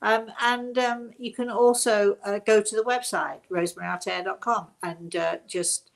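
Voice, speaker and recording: An older woman hosting a casual chat for her webinar audience, rambling warmly with many restarts and bursts of laughter. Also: mid-range voice, steady tone, moderate pace, creaky. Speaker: host.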